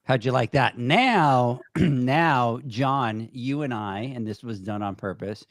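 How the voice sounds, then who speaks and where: A man hosting a podcast, chatting in a relaxed way about upcoming voting and handing off to the sponsors. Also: medium pitch, slow, no room sound. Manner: relaxed, chatty, many restarts. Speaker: podcast host. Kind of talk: casual podcast chat.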